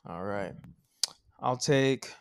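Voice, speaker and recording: A man's voice: medium pitch, extremely slow, clean tone, no room sound, clean studio sound. A man co-hosting a sports podcast, bantering casually with joking, profane picks. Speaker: podcast co-host.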